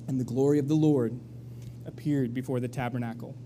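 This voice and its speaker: A man preaching a sermon in a church, telling the story in a lively way and acting out the voices of the people. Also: medium pitch, a little fast, a little hiss or hum. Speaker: pastor. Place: church sanctuary. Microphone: live stream.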